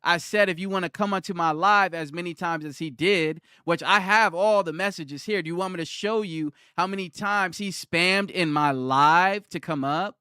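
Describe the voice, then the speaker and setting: Argumentative young man streaming, clear dry voice. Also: high voice, normal speed, hardly any pauses, sharp tone, no echo. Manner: argumentative, repeats himself, reads chat aloud. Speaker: live streamer answering chat. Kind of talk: casual live-stream chat.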